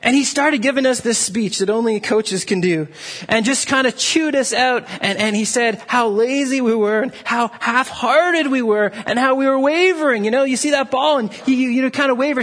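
A man preaching a sermon, telling a story with many restarts and fillers, and dropping to a low, quiet voice for emphasis. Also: moderate pace. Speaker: pastor.

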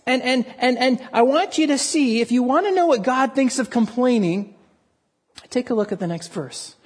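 A man's voice: very high voice, normal speed, breathy edge. A man preaching a sermon in an earnest way, often repeating words for emphasis. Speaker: pastor.

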